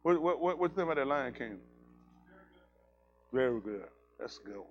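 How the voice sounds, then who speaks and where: A male pastor joking with his congregation in casual banter, teasing people and breaking into loud exclamations, before settling into preaching. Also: medium pitch, animated, a little fast, lo-fi sound.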